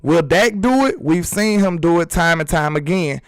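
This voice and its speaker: A man hosting a casual sports talk vlog, animated and emphatic, full of rhetorical questions. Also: on the high side, normal speed, clear, resonant tone, dry recording. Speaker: sports channel host.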